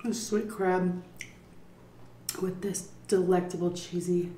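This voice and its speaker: A middle-aged woman vlogging while she eats, telling a story in a lively, cursing style. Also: on the low side, takes it slowly, slight background noise. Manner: lively storyteller who curses and acts out quotes. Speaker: mukbang vlogger. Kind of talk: casual storytelling while eating. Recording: roomy, mic at a distance.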